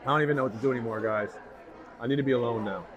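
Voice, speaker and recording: Talking very fast in a medium-pitched voice, a man reviews food on camera in a bustling restaurant, raving about every bite. The audio has its highs cut off, and crowd chatter runs underneath.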